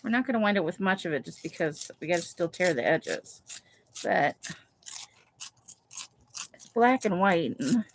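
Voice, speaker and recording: A woman's voice: lowish voice, expressive, unhurried, pauses often, a little hiss or hum. Chatty woman crafting while she talks. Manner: chatty, thinks aloud, many "like" fillers. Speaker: craft livestream host. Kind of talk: casual chat while crafting. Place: home craft room, Las Vegas.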